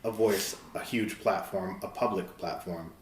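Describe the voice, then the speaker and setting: A man with a lowish voice speaks as a guest on a casual podcast. He talks thoughtfully and haltingly, often restarting his sentences. The recording is roomy, with faint background noise. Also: fairly even intonation.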